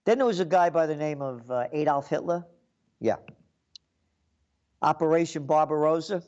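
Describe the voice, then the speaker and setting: A man's voice: on the high side, normal speed, a little mellow, dull audio. A man giving an indignant, repetitive political rant as a commentator.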